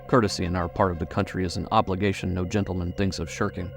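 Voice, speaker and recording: A man narrating a horror audiobook in a measured, suspenseful way. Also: low voice, flat delivery, vocal fry, soft background music.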